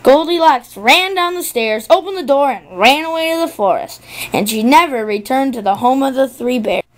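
A woman's voice: sits high, lively intonation, moderate pace. A young female narrator reading a children's fairy tale aloud in a sing-song way, with a few small slips.

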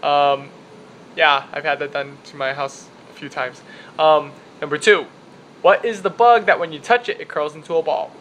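A man's voice: a little high, steady tone, moderate pace, fairly bright tone, slight background noise. A young man from the Chicago area with a Chicago accent, chatting casually and rambling through an accent-tag vlog in his apartment. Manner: chatty, rambling, self-deprecating. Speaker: vlogger. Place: apartment room with window open.

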